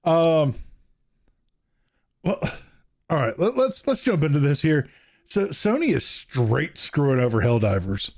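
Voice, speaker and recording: A man hosting a casual podcast, steering the chat to its next topic in a relaxed way. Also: on the high side, unhurried, pauses often, dry recording, clean studio sound. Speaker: podcast host.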